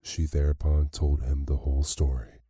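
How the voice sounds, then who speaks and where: A man narrating a classic fairy tale as a slow, soothing bedtime story. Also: extremely low pitch, level tone, husky, dry recording, clean studio sound. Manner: slow, soft, soothing reading.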